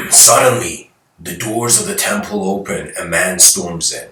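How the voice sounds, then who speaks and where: A man giving a spiritual lecture by telling a story, rambling and animated, often restarting and adding "like" and "you know". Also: sits low, measured pace. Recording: echoey room, mic at a distance.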